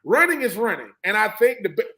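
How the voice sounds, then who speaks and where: On a sports panel, a middle-aged former college football player talks in an animated, preachy way, acting out coaches' and players' lines as he tells stories. His voice is notably high and a little fast, and the audio quality is poor.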